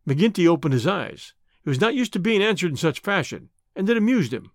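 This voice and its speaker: A man narrating an audiobook in a measured, expressive storytelling manner. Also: high voice, dry recording, studio quality.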